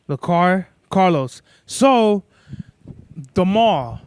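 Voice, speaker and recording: A man's voice: high voice, animated, drawn-out words, darkish tone, clean tone. A young man hosting a solo podcast, telling rambling stories in a laid-back, profanity-heavy way. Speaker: podcast host. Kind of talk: casual solo podcast monologue.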